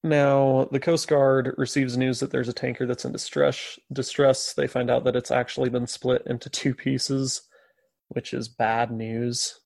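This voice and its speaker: A man's voice: mid-range voice, level tone, measured pace, creaky, darkish tone, no echo. A man co-hosting a podcast, retelling a story in casual chat with jokey, sarcastic asides. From USA. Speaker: podcast co-host.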